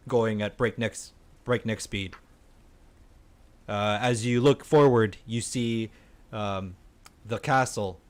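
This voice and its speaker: Guy running a tabletop game, slow, lots of uhs and ums, just describing stuff. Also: medium pitch. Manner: halting, full of uh and um fillers. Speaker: game master.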